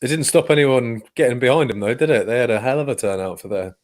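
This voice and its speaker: Male co-host, mid-pitched, brisk and upbeat, chatty asides. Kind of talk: casual chat.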